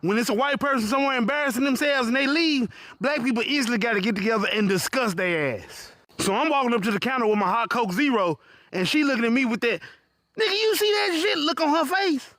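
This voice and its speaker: A man telling a profane comic story in an animated voice full of punchy asides. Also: very high-pitched, quick pace, dry recording, studio quality. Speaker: comedic storyteller.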